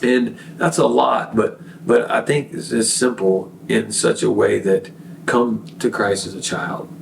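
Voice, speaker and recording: A man's voice: fairly low pitch, steady tone, unhurried, creaky, reverberant, recorded from a distance, a little hiss or hum, rough recording. A man, a podcast guest, giving an earnest, preachy faith testimony full of fillers and restarts. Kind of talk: casual testimony.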